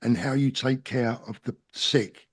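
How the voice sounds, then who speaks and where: A man's voice: mid-range voice, a little slow. Man, South London accent, middle-aged, interview guest, earnest, plain-spoken, emphatic. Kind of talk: casual interview talk.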